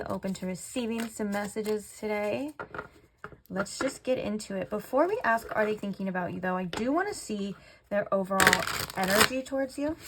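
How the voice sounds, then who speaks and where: A woman talks through a tarot reading in a loose, chatty way, filling her sentences with "like". Her voice sits at an ordinary middle pitch. When she lays out the cards she slows down and goes softer. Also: background noise. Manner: chatty, says "like" often. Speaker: tarot reader.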